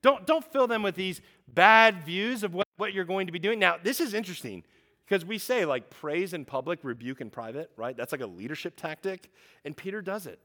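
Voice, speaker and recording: A man preaching a sermon, animated, acting out quotes and swinging from loud emphasis to hushed asides. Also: on the high side, brisk. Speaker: pastor.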